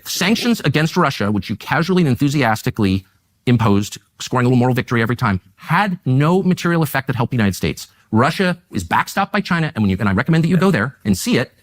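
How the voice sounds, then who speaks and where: A man's voice: medium pitch, big pitch swings, fast talker. A middle-aged man interviewing in a heated debate, sardonic and pointed in his questions.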